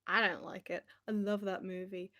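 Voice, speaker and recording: A woman's voice: medium pitch, little pitch movement, normal speed, fairly bright tone. A young woman chatting casually on a livestream, rambling and laughing often as she talks. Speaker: livestream host.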